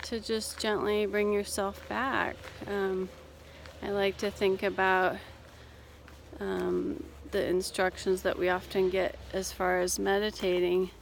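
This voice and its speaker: Woman coach, casual walking vlog, unhurried and soothing, slight fry, phone mic outdoors. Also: medium pitch, level tone, slight background noise. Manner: gentle, reassuring, unhurried. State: a little out of breath. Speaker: life coach and therapist. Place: outdoors on a cold hill walk.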